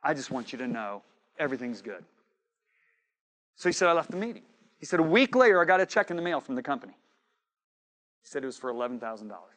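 A man preaching a sermon, telling a story with quoted dialogue and swinging from shouting to hushed asides. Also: medium pitch, sing-song, fast, long pauses.

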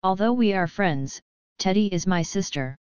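A woman's voice: medium pitch, animated, moderate pace, a little mellow, smooth, dry recording, highs cut off, natural voice. A woman voicing a stern, protective young man who lectures his friends, in an audiobook.

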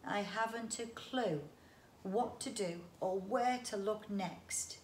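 A woman's voice: mid-range voice, slow, a little hiss or hum, natural voice. A woman reading a worried young boy. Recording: roomy echo.

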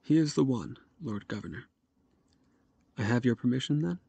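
A man voicing a haughty male noble envoy who speaks brusquely and gruffly. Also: medium pitch, expressive, moderate pace, mellow. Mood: curt.

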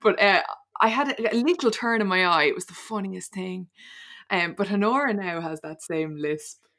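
A woman's voice: mid-range voice, normal speed, fairly bright tone. An Irish woman in her thirties, a podcast guest telling childhood stories in casual chat, rambling and laughing often.

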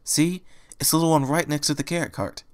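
Man putting on a meek, high, gentle pony mare. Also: natural voice. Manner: soft, slow, timid and pleading. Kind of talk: fan audiobook reading.

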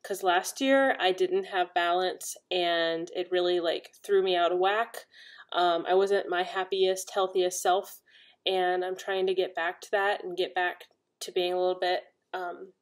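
A young woman chatting casually at home about her crafts. She talks in a rambling, excitable way with frequent laughs. She sounds a little tired after her workday. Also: lowish voice, a little slow. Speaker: crafting podcast host. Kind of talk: casual chat. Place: home, indoors.

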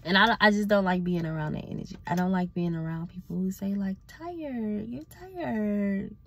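A woman's voice: fairly low pitch, fairly even intonation, fast, a bit bright. A sleepy woman, ranting bluntly and profanely in a casual vlog as a self-reflection coach. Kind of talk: casual vlog talk to camera.

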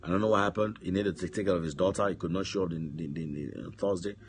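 A man preaching a sermon, telling stories and now and then shouting out commands, with repeated words. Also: low voice, steady tone, quick pace.

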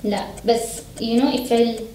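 A woman's voice: fairly high pitch, fairly even intonation, moderate pace, dark tone, a little hiss or hum. A woman hosting a playful language quiz, teasing and blunt. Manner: teasing, laughs often, blunt. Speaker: host teaching Emirati Arabic. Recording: echoey room from a distance.

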